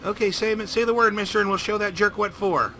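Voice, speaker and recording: A man's voice: high-pitched, fairly even intonation, fairly quick, pushed and bright, faint music behind, pitched above the performer's own voice. A man voicing a bored, cheeky little girl. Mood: sassy. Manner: whiny, sassy.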